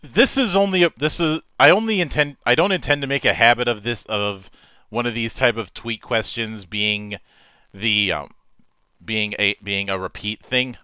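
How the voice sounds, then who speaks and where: A man's voice: medium pitch, steady tone, moderate pace, bright, forceful tone, clean tone, no room sound. A man hosting a casual gaming podcast, theatrical and profane, rambling through his thoughts with frequent restarts. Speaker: podcast host. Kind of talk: casual chat.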